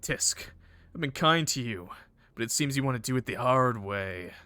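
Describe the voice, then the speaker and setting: A man voicing a menacing, cocky adult male thug in a visual novel, with a slow, taunting delivery. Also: mid-range voice, animated, bright, forceful tone, clear, resonant tone.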